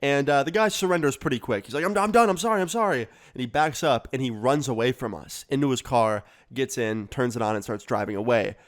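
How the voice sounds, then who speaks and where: A man telling a storytime vlog story in a casual, profane, animated way. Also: mid-range voice, a little fast, few pauses. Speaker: storyteller vlogger.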